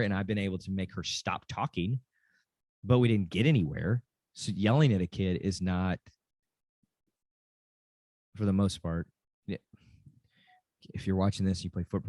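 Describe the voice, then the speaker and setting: A man's voice: on the low side, a little mellow, no echo. A middle-aged man, a dad and football coach, giving an earnest, casual talk on parenting, often repeating phrases and restarting sentences.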